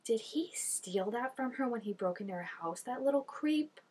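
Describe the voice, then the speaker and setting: Woman doing a tv episode reaction, chatty and excitable, laughs a lot, talks right back at the screen. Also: on the high side, moderate pace, husky. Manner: animated, laughing often, gasps, exclaims at the screen. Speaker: TV show reactor. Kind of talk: casual reaction commentary.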